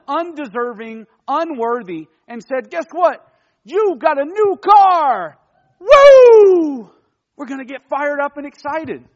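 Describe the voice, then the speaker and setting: A man preaching a casual, animated youth sermon, firing rhetorical questions at his listeners. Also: high voice, dull audio. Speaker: youth pastor.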